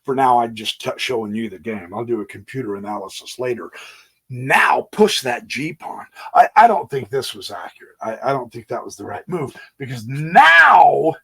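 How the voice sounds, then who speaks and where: A man hosting his chess channel who talks through a game on a board, thinking aloud in a folksy way with homey exclamations and swinging between quiet asides and emphatic bursts. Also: mid-range voice, sing-song, moderate pace, gravelly, slightly rough. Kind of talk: casual game walkthrough on a physical board.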